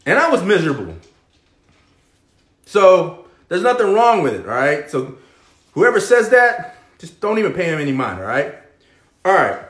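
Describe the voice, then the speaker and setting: Animated man giving a pep talk. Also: high-pitched, moderate pace, long pauses, reverberant. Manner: pep-talk, keeps asking "okay?" and "right?"; animated, swings between loud and hushed. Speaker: fitness live-stream host. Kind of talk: motivational live-stream talk.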